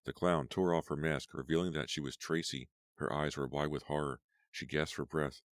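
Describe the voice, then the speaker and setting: A man narrating a horror audiobook in a measured, suspenseful reading. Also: rumbling low, fairly even intonation, no room sound, clean studio sound. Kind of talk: scripted narration.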